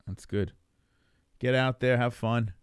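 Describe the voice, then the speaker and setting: A man in his forties with a New York accent, rambling and swearing in casual live stream chat while high, chuckling often. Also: fairly even intonation, slow pace, smooth, dry recording, clean studio sound. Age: 40s.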